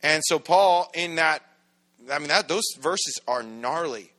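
A man's voice: fairly high pitch, expressive, unhurried, fairly bright tone. A male pastor giving a casual, conversational sermon, joking and acting out little everyday scenes.

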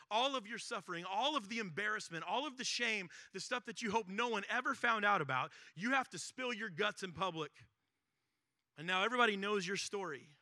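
A man preaches with a strikingly bright, fairly high voice. He talks like he's chatting with the room, tossing in "right?" and swinging from loud to hushed. The sound is dry and close. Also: no room sound. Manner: conversational, keeps asking "right?"; animated, shifts between loud and hushed. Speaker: pastor. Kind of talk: sermon.

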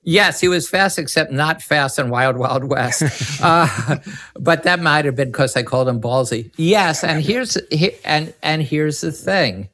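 Bright-voiced man telling film-set stories. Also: a little high, a little slow. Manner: rambling, with many restarts and self-corrections. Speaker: filmmaker guest. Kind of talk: anecdotal podcast storytelling.

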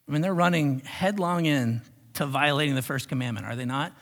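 A man preaching a sermon as pastor, animated, swinging from loud exclamations to hushed whispers. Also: a little high, brisk. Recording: long reverb of a large hall.

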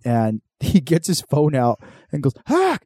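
A man's voice: medium pitch, a little slow, dark tone, no echo, clean studio sound. A young man, hosting a podcast and telling a story in casual chat, swearing a lot and acting out the voices of people in it. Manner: laid-back storyteller, swears a lot, acts out quotes. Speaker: podcast host.

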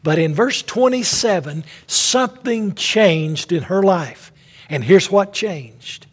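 Brief: male preacher, husky and high, slow emphatic sermon delivery. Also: animated. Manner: dramatic, emphatic, addressing listeners as friend.

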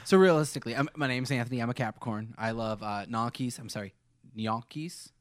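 A man co-hosting a casual podcast, dropping deadpan, jokey asides. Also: medium pitch, rapid-fire. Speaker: podcast co-host.

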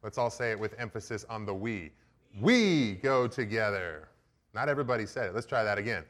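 Joking relaxed young minister. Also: male voice, on the low side, racing. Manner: relaxed, joking, direct with congregation. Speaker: preaching minister. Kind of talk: casual sermon announcements. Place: church sanctuary.

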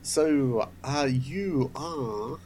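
Man, game master, deadpan, relaxed, mid-pitched, faint background noise. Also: extremely slow. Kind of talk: narrating a tabletop game.

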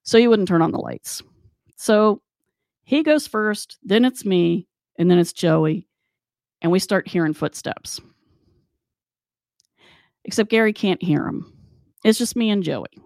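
A woman casually telling a spooky personal anecdote, animated and acting out the dialogue. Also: lowish voice, gravelly, no echo, studio quality. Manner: animated, acts out dialogue in quotes. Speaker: storyteller.

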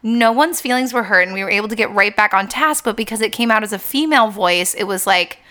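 A woman's voice: medium pitch, fast talker, bright, forceful tone. A woman who works as a teacher, talking through her thoughts earnestly with hedges in a casual podcast chat. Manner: earnest, thinks aloud with hedges.

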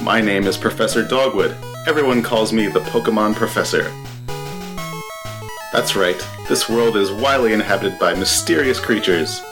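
A man's voice: on the low side, moderate pace, music in the background, lightly acted. A man putting on the voice of an old, grandfatherly male Pokemon professor as a parody game intro, with grand, welcoming speech.

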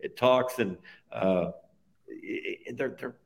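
A man's voice: mid-range voice, slow pace, creaky. Guy on a podcast telling a heartfelt faith story, earnest, keeps going "and, and". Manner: earnest and heartfelt, stacking phrases with repeated "and, and". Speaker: interview guest.

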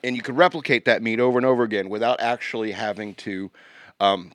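A man's voice: fairly low pitch, fairly even intonation, quick pace, fairly bright tone, no echo. Rambling jokey man, dry close sound. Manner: rambling, jokey, trails off and restarts. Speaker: podcast co-host. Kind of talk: casual banter.

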